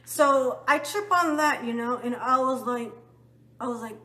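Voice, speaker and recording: High-voiced woman telling a rambling story. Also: unhurried, pushed and bright. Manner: rambling, full of tag questions to viewers. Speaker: vlogger. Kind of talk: casual personal storytelling.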